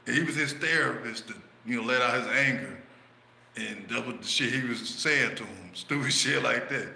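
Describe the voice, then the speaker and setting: Guy rambling stories on stream, real bright voice, echoey room. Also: mid-range voice, normal speed, gravelly. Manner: rambling, profane, loose. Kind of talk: casual storytelling. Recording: echoey room, faint background noise.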